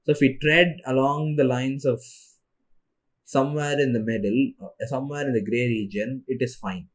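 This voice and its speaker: A man's voice: medium pitch, fairly even intonation, moderate pace. Young adult male solo podcaster, native Tamil speaker, tired rambling delivery. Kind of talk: casual monologue.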